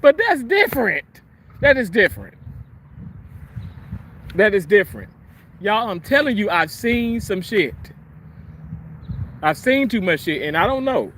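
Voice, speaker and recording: Profane, high-voiced man ranting. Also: big pitch swings, measured pace, pauses often, fairly bright tone, a little hiss or hum. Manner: profane, heated, repetitive. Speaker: livestream host. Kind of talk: angry livestream rant.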